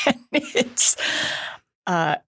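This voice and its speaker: A woman's voice: high-pitched, huge pitch swings, extremely slow, fairly bright tone, breathy edge. A middle-aged woman co-hosting an educational podcast, chatty and self-deprecating, laughing at herself often. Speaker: podcast co-host. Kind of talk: casual educational podcast chat.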